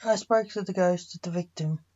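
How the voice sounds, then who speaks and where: A woman voicing a brooding male Grim Reaper who speaks darkly and deliberately. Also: lowish voice, muffled recording, natural voice. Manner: dark, deliberate.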